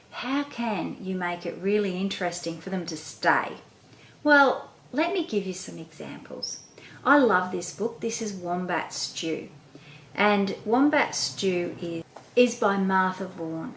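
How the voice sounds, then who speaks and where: Expressive woman coaching parents, echoey room. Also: mid-range voice. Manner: expressive, demonstrative, varies her voice often. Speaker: host, reading coach for parents. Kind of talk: instructional talk to parents. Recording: echoey room with faint noise.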